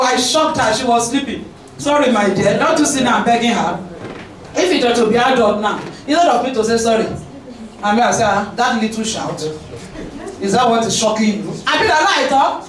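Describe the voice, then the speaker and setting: Animated woman preaching in an echoey church. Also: on the high side, moderate pace, slight background noise. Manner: animated, shouting, laughing, switching into pidgin. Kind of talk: sermon. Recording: echoey church hall, distant mic.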